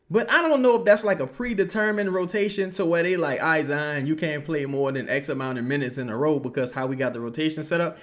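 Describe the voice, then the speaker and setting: A young man giving casual, profane live reaction commentary on a basketball game, answering viewer questions and yelling at plays. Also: a little high, normal speed. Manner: profane, animated, yells at plays. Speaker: live game watch-along streamer.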